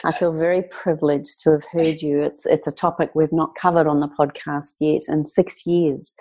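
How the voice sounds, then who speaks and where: Low-voiced woman hosting a podcast. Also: flat delivery, moderate pace, dark tone. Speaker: podcast host. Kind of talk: interview talk.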